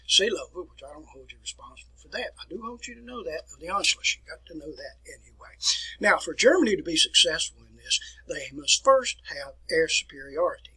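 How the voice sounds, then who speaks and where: A man's voice: on the high side, sharp tone, breathy edge, rough recording. A middle-aged man teaching a recorded history lecture, folksy and digressive, talking to his students as folks.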